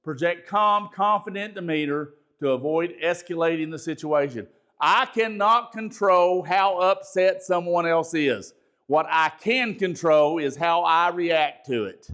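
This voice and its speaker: Middle-aged male bishop leading a class, naturally loud and emphatic, pitched high for a man. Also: unhurried. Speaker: bishop teaching a ministry training session. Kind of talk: spoken teaching lecture.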